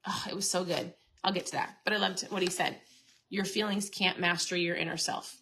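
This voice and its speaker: Speaking briskly in a fairly low, steady, sharp-toned voice, a middle-aged keto coach hosts a casual motivational podcast. She is chatty and earnest, frequently starting over and repeating herself, with a little hiss or hum in the background.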